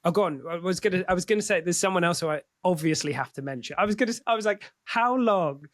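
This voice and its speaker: Candid man, rather high voice. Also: no echo. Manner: candid, swears freely, halting restarts. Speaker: podcast guest. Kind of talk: casual conversation.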